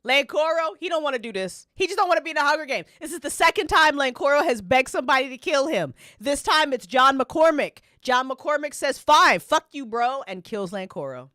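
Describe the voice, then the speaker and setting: A woman's voice: sits high, animated, a little fast, bright, forceful tone, no echo, clean studio sound. A woman hosting a casual livestream, reading game events aloud and reacting with frequent laughter and swearing.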